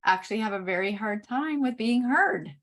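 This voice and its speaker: Middle-aged woman walking someone thru a chart reading, slow and patient, trails off a lot. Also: fairly high pitch, animated, fairly bright tone. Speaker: Human Design reader.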